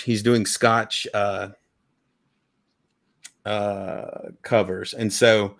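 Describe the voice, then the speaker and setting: A man's voice: fairly low pitch, gravelly. Chatty man on a video call. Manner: rambling, enthusiastic, many restarts. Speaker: guest collector. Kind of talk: casual chat.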